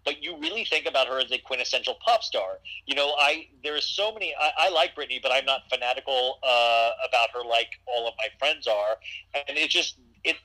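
A man's voice: mid-range voice, fairly quick, pushed and bright, poor audio. A man hosting a podcast, chatting casually and rambling with lots of fillers and restarts. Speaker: podcast host. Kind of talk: casual chat.

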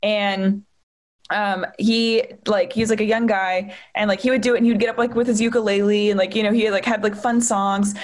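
A woman's voice: medium pitch, flat delivery, moderate pace. A woman stand-up comedian chatting casually as a podcast guest, telling stories in a rambling way full of fillers and swearing. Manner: rambling, filler-heavy storytelling with frequent swearing.

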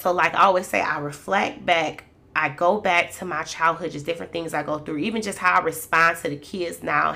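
Chatty woman with a gravelly voice. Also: on the low side, fairly bright tone. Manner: chatty and candid, addresses listeners as "y'all". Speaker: mother sharing reflections. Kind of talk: casual faith-based talk.

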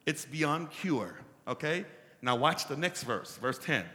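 A pastor preaching an animated call-and-response sermon that builds up to shouts. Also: male voice, a little high, slow pace, long pauses, big-room sound.

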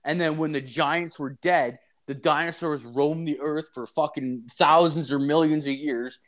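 A man's voice: on the high side, steady tone, unhurried. Guy, casual storyteller, rambling, swears a lot, exasperated.

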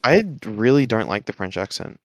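A man in casual podcast chat, talking in a relaxed, hesitant way with lots of fillers. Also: fairly low pitch, moderate pace. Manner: relaxed and hesitant, with many fillers like "like" and "I don't know". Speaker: podcast co-host.

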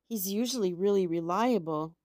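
A woman's voice: medium pitch, normal speed, darkish tone, no echo, studio quality, natural voice. Woman playing an earnest little squirrel. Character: loyal small squirrel companion.

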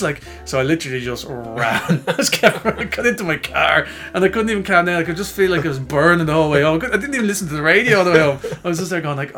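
A man's voice: a little high, quick pace, hardly any pauses, faint music behind. A man, co-hosting a podcast and telling a self-mocking story in casual chat, acting out the voices of the people in it. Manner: animated, self-mocking, acts out quoted voices. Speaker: podcast co-host.

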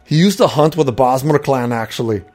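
Guy doing a gruff nord warrior, loud and snappy, bit of music behind. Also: animated, fairly quick, close to an everyday voice. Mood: wry. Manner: barks his lines louder and higher than the narration. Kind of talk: audiobook character voice.

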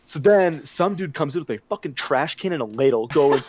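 A man's voice: fairly high pitch, fairly quick, hardly any pauses, a little mellow, a little hiss or hum. A young man co-hosting a podcast, telling a rambling party story in casual chat and swearing a lot. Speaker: podcast co-host. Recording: muffled dry recording.

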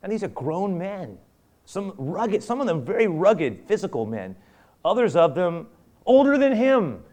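Man, pastor, sermon, hushed to booming, acts out quotes. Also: sing-song, a little slow. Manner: dramatic swings from loud urgent peaks to hushed near-whisper; acts out quotes of biblical figures.

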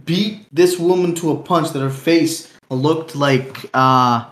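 A man's voice: fairly high pitch, slow, fairly bright tone, echoey room. A young man co-hosting a casual, unplanned podcast, rambling in slang, swearing freely and laughing often. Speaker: podcast co-host.

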